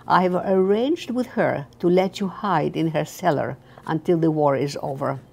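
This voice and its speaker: An older woman reads out a young German soldier who whispers urgent, tender warnings. The voice sits low with a gravelly edge, and it stays hushed and secretive the whole time. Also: normal speed.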